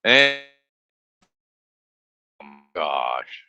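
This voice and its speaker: Folksy grumbling trucker man, bright voice. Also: rumbling low, sing-song, extremely slow, dry recording, lo-fi sound. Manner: folksy, grumbling, laughs often. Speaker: truck driver streaming live. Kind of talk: casual live-stream chat. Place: inside a semi truck cab.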